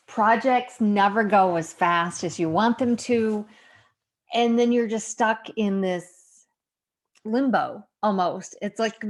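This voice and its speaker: A woman, grandmother of young boys, in her fifties, speaking candidly in a casual devotional vlog from a room under remodel. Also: mid-range voice. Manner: reflective, candid, laughs at herself. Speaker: faith vlogger.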